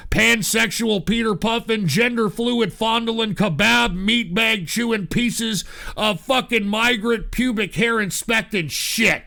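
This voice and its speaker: A tipsy male host on a tirade, his voice pitched high with a gravelly, fried edge. His tone is bright and sharp as he yells and curses at his listeners. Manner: yelling, swearing, bitter rant. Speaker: show host. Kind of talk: angry profane rant to an online audience.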